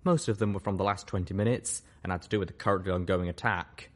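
A man narrating a first-person story as an audiobook reader, steady and measured. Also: low-pitched. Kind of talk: audiobook narration of fan fiction.

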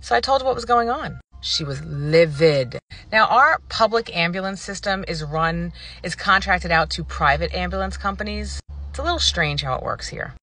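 A woman vlogger telling a personal story to the camera in a casual, animated and indignant way, acting out what people said. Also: medium pitch, a little fast. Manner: animated, indignant retelling with acted-out quotes.

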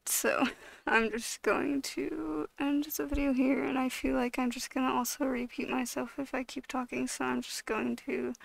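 A woman with a high, gravelly voice rants to camera, swearing heavily and tripping over her own restarts. The sound is dry and close, with no room around it. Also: dry recording, low-quality recording. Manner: heated, swearing, repeats herself and restarts often. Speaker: video creator. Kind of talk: angry rant to camera.

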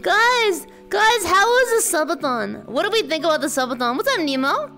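A woman's voice: very high voice, big pitch swings, normal speed, pushed and bright. A woman hosting a live stream in casual chat, playful and bubbly, greeting her viewers with a slightly sore voice.

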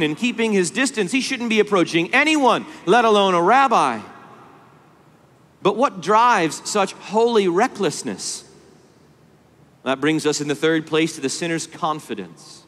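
Male conference preacher, high-pitched and impassioned, hall reverb. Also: expressive, measured pace. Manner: impassioned, swings from hushed to pleading. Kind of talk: sermon.

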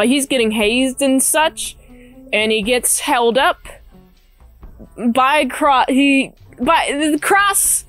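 A woman's voice: high-pitched, fairly bright tone, no echo. A woman reviewing a movie in a casual, rambling way, with sarcastic asides and mocking quotes. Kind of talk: casual spoken movie recap.

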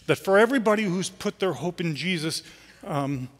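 A man's voice: sits high, fairly quick, long reverb tail. A man preaching as a guest speaker, telling a story earnestly with rhetorical questions. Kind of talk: sermon. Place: church sanctuary.

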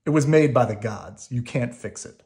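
A man voicing a proud but wounded demigod in a storybook read-aloud, in a gruff, downcast tone. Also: medium pitch, moderate pace, warm tone, lightly acted. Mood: bitter. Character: boastful demigod man, hurt and sulky.

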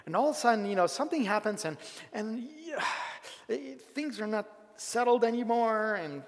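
A male pastor preaching a conversational, animated sermon, often acting out the voices of grumbling people. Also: sits high, normal speed, creaky. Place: church sanctuary. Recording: long hall reverb.

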